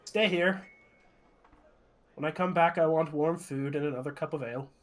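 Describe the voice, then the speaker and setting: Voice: medium pitch, moderate pace, close to an everyday voice. A player voicing a haughty, scheming male merchant lord who gives orders. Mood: commanding.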